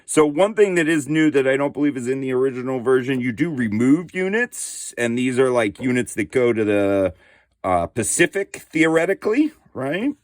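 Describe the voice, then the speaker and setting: A man's voice: mid-range voice, big pitch swings, moderate pace, no room sound, clean studio sound. A middle-aged man hosting a board game channel, talking casually and slangily with many fillers as he shows off a game. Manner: laid-back, slangy, lots of fillers and "dude". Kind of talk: casual unboxing show-and-tell.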